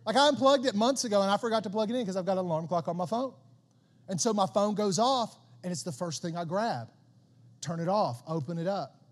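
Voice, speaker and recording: In a brisk, animated sermon, a pastor with a high voice speaks to his congregation as if to friends, tripping over repeated words as he presses his point. His voice echoes with the lengthy reverb of a church hall.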